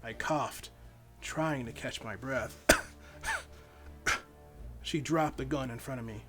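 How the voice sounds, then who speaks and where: A man's voice: medium pitch, slow pace, long pauses, sharp tone, faint music behind. A man reading his own novel aloud in first-person audiobook narration, with dramatic storytelling.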